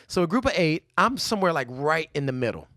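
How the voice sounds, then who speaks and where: A man's voice: a little high, sing-song, fast talker, a bit bright, no room sound, studio quality. A man co-hosting a podcast, telling a story in loose slang and acting out other people's lines. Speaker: podcast co-host. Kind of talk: casual storytelling chat.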